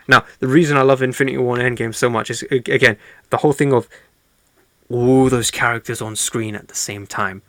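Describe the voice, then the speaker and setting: Excitable man, bright voice, dry mic. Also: mid-range voice, brisk, dry recording. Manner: excitable, acts out crowd reactions and hums movie themes. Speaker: podcast co-host. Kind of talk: casual chat.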